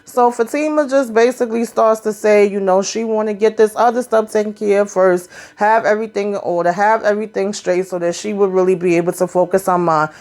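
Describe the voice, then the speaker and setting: A woman's voice: medium pitch, steady tone, brisk, few pauses, a little mellow. Chatty woman recapping a TV episode. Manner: chatty, slangy, quotes the characters loosely.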